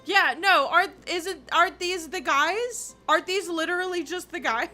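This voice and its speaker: Bright chatty woman streamer. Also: very high voice, moderate pace, faint music behind. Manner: chatty, excitable, swears casually. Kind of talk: casual let's-play commentary.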